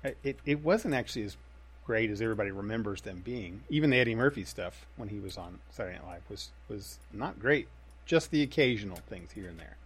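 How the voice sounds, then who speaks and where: A man co-hosting a casual podcast, talking in a relaxed, conversational way with frequent restarts. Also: on the low side, quick pace, breathy edge. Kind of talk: casual chat.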